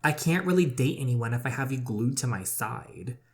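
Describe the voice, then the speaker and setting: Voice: mid-range voice, animated, normal speed, darkish tone, lightly acted. Gamer reading a young woman heroine, teasing, casual, romance story game. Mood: playful.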